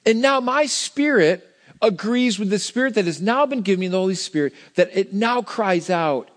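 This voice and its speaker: A man's voice: sits high, lively intonation, moderate pace. Middle-aged male pastor, emphatic conversational sermon. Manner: conversational, emphatic preaching with repeated restarts. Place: church.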